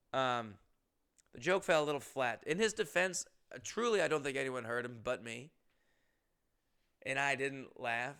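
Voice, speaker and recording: A man's voice: medium pitch, fairly bright tone, clean tone. A young man hosting a comedy podcast, telling stories casually, rambling and profane, and often interrupting himself.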